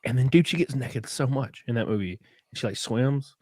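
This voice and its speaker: Tipsy male podcast co-host, lively crude banter, dry close sound. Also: normal speed, husky, dry recording. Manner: animated, laughing, jumps into high mocking voices. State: a little drunk.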